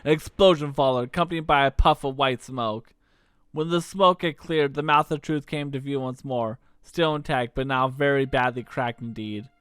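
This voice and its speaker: Smooth-voiced young man reading a text game. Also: medium pitch, normal speed, a bit bright, no echo. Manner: casual narration with fillers and asides. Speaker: let's play host. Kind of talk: reading a text adventure aloud.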